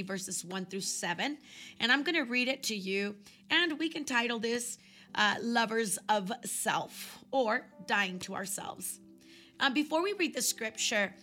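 A woman hosting her own podcast, teaching from scripture in a chatty, conversational way and slowing down to read verses. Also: mid-range voice, sharp tone. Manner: chatty, many fillers, slows down for scripture. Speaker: podcast host and Bible teacher.

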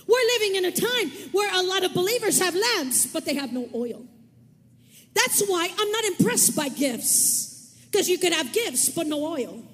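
A woman preacher giving an emphatic sermon, repeating key words and calling on her listeners to shout them back. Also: extremely high pitch, very animated, moderate pace, big-room sound.

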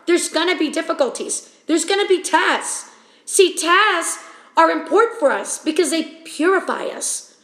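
A woman's voice: sits high, fairly bright tone, echoey room. A woman preaching a sermon on a podcast, stressing each point through repetition and acting out panicked questions. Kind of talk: sermon teaching.

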